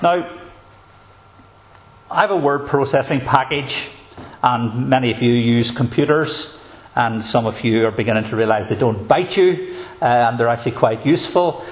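Emphatic man preaching a sermon. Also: mid-range voice. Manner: emphatic, measured preaching with deliberate pauses. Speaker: pastor.

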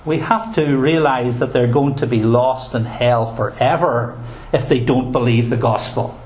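A man's voice: medium pitch, unhurried, darkish tone. A male pastor preaching a sermon in an earnest, emphatic way, with touches of dry humor. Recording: roomy echo.

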